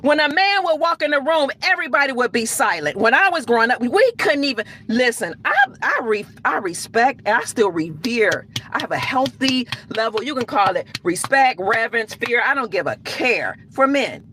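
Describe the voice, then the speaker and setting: A woman's voice: on the high side, sing-song, normal speed, few pauses, fairly bright tone, slightly rough. A woman talking to camera in an emphatic, rambling, preachy rant with frequent restarts. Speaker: online commentator.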